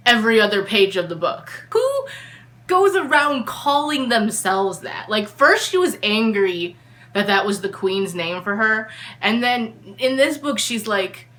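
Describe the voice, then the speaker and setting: A woman's voice: mid-range voice, sing-song, a little slow, fairly bright tone. A woman giving an exasperated, opinionated review of a book in a casual vlog.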